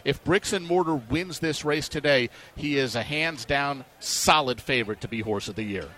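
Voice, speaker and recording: A man's voice: mid-range voice, normal speed, a bit bright. A man giving horse racing analysis on sports radio, talkative and explanatory with a joking streak.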